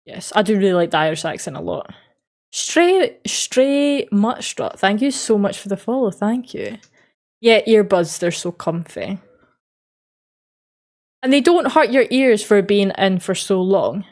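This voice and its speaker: A woman's voice: mid-range voice, a little mellow. An Australian woman streamer in casual chat, reading out and answering live chat messages in an easygoing way with frequent laughs.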